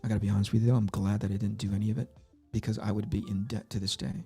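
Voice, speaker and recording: A man's voice: on the low side, level tone, racing, dark tone, husky, faint music behind. A middle-aged man hosting a casual livestream, telling rambling, self-deprecating stories about his career. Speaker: livestream host. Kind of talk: casual livestream chat while drawing.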